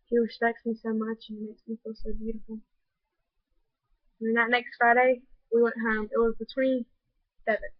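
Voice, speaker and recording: A woman's voice: on the high side, completely flat delivery, normal speed, long pauses, no room sound. A teenage girl telling a personal story in a vlog, earnest and gushing, with many "like" fillers. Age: teens. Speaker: vlogger. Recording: dull lo-fi home video audio.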